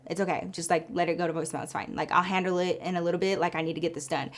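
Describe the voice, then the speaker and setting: A man's voice: fast talker, fairly bright tone. A woman voicing a young male photographer who speaks in a stern, focused, matter-of-fact way. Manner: matter-of-fact, low-key.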